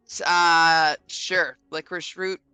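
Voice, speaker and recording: A woman's voice: low voice, flat delivery, takes it slowly, sharp tone, clear, resonant tone, no echo, soft background music. A woman playing her character in a tabletop game, teasing and blunt, often breaking into giggles. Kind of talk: in-character tabletop role-play.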